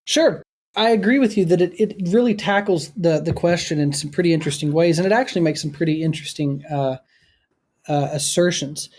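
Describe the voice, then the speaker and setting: A man with a mellow, somewhat husky voice speaks as a podcast guest, breaking down a film in a measured, analytical way. His phrasing is articulate and deliberate, building his argument point by point. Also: on the high side. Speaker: guest film critic and author.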